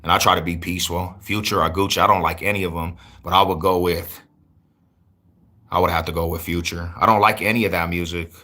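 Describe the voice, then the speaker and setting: Forceful hyped man in his forties. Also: deep voice, steady tone, a little fast. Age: 40s. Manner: hyped street slang, loud shout-outs. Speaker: YouTuber. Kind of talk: casual livestream chat answering viewers.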